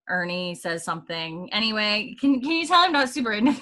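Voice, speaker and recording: A woman's voice: medium pitch, sing-song, moderate pace, pushed and bright. A woman from Canada, a podcast co-host recapping a TV episode in casual chat, laughing often and acting out lines. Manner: chatty, laughs often, acts out quoted lines.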